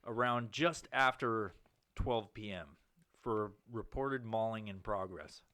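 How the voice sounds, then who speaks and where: A man's voice: slow, sharp tone, dry recording. A man co-hosting a podcast, reading news stories aloud in casual banter, laughing often and swearing freely. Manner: laughs often, swears freely, jumps into squeaky put-on voices. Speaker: podcast co-host.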